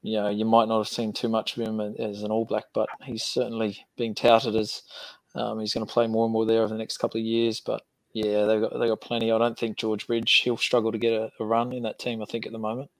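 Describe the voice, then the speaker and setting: Flat-voiced rugby coach on a call. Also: male voice, on the low side, fairly quick, no echo, low-quality recording. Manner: hesitant, many fillers. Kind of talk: interview answers.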